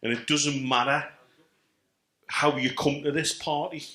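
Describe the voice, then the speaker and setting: Fired up guy giving a speech, bright voice, echoey hall. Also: fairly high pitch, steady tone, unhurried. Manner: passionate, emphatic. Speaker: fan event speaker. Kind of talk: passionate speech at live event. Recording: echoey event room.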